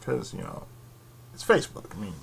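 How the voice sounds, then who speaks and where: A man ranting in a casual vlog from his bedroom, rambling and sarcastic, who keeps slipping into mocking high voices and laughing. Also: big pitch swings, normal speed, vocal fry, slightly rough. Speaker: YouTube channel host. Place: his own bedroom setup.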